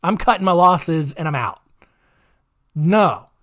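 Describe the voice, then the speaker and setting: A man's voice: on the high side, animated, takes it slowly, fairly bright tone, no room sound, clean studio sound. A man hosting a podcast, telling a history story casually, with sarcastic rambling asides. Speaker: podcast host.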